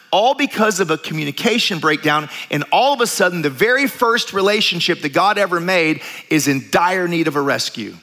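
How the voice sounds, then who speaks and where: High, bright-voiced middle-aged pastor preaching. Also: male voice. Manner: animated storytelling, jokes and asides. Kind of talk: sermon.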